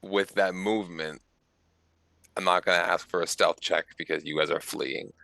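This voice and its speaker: A man running a tabletop game and giving plain rulings. His voice is very low with a gravelly edge. The sound is dry and close. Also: fairly even intonation, moderate pace, pushed and bright, dry recording. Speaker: game master. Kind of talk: game mastering.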